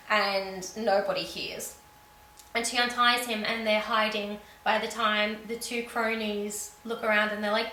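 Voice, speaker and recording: A woman's voice: on the high side, pushed and bright. A woman giving a casual, sarcastic recap of a film's plot as a reviewer. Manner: wry, sarcastic asides. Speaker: film reviewer. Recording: echoey room with faint background hum.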